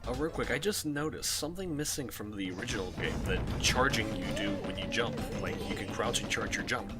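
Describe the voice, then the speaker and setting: A man's voice: on the low side, animated, a little fast. A man co-hosting a casual video game chat, chiming in with asides. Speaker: co-host. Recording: loud music underneath.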